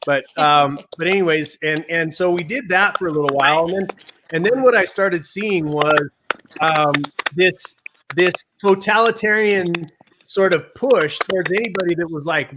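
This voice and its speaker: Emphatic high-voiced man on a video call. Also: noisy background. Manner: blunt, emphatic, rapid storytelling. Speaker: guest. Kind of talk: casual livestream talk.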